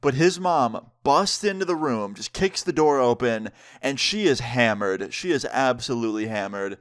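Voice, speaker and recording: Young guy vlogger, casual animated storytime, mid pitch. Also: normal speed. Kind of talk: storytime vlog.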